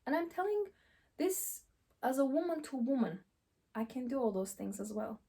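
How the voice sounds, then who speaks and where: A woman coach speaks seated to camera, mellow and a touch high in pitch. She talks emphatically, hammering the same phrases again and again. She throws out rhetorical questions as she advises. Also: very animated, normal speed. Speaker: relationship coach. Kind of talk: direct advice monologue to camera.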